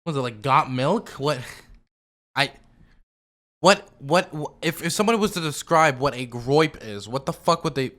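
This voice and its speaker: A man's voice: fairly high pitch, normal speed, fairly bright tone. A man giving casual, sarcastic reaction commentary as a streamer, rambling with lots of fillers.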